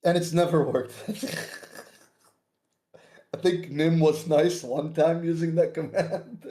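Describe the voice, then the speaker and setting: A man's voice: fairly high pitch, steady tone, slow, long pauses, warm tone. A man streaming and chatting casually, laughing often as he tells stories.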